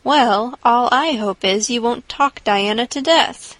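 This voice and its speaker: A stern, practical older woman with a brisk, clipped and scolding way of talking, as a woman reads her. The voice is fairly high and dry, close to the mic. It comes from an audiobook. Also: a bit bright, no room sound, poor audio. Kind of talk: audiobook character reading.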